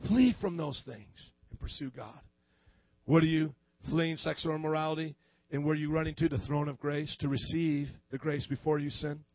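A pastor with a high voice delivers his sermon in a lively, joking way and laughs at himself. The recording sounds dull and lo-fi. It is dry, with no room echo. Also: normal speed. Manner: animated, acts out quoted voices; jokey and self-deprecating.

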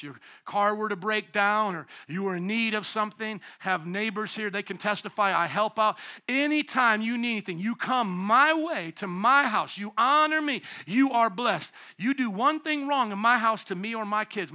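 A man preaching a sermon as pastor, emphatic, dropping to hushed tones and rising to loud calls to the congregation. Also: high-pitched. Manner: call-and-response with congregation.

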